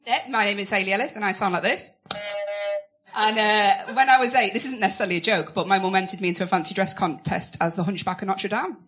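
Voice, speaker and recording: A woman's voice: mid-range voice, fairly even intonation, quick pace. Female comic, dry delivery, live club with audible noise. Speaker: comedian panellist.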